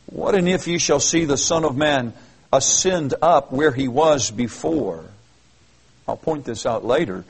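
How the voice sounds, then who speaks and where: Husky-voiced man teaching scripture. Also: medium pitch, poor audio. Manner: earnest, emphatic, with frequent restarts. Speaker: preacher. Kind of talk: expository Bible teaching.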